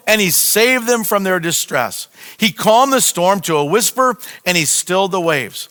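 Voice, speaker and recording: A man's voice: high-pitched, animated, normal speed, a bit bright. A man pastor preaching a sermon with impassioned, repetitive cries to his listeners. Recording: long hall reverb.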